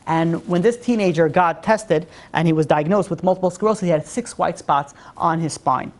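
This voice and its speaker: Lively woman telling a religious lesson story. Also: normal speed. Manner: animated storyteller, acts out quotes with big pitch jumps; many "you know, like" fillers. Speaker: religious class teacher.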